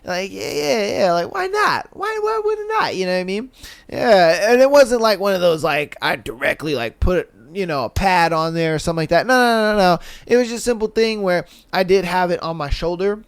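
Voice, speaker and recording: Slangy man with a smooth, high voice. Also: a little fast, no echo. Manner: slangy, animated, swearing, laughs at his own jokes. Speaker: podcast host. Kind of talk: casual podcast chat reading listener stories.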